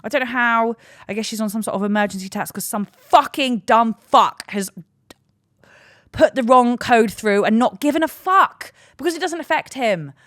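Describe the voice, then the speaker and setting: A woman's voice: a little high, moderate pace, fairly bright tone, no echo, clean studio sound. Sweary ranting woman podcaster. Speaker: podcast host. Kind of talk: solo podcast monologue.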